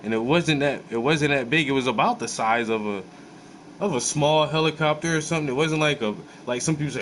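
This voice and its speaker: Man, AAVE, casual profane storyteller, mid pitch, faint air-conditioner hum behind. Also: brisk, rough recording. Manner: animated, profane, laid-back storytelling with many fillers. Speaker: host.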